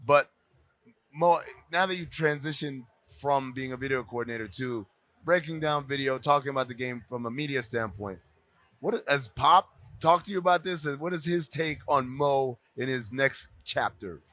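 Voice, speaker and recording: A man of middle pitch hosts a podcast and keeps the guest talking with questions and quick jokes. The sound is dry and close. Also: fairly bright tone, no echo. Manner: joking, prompting questions. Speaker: podcast host. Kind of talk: casual interview chat.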